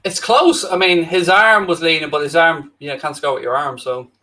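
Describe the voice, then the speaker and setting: A man's voice: on the high side, normal speed, pushed and bright. An Irish man co-hosting a live football watchalong, making dry, sarcastic remarks in casual chat.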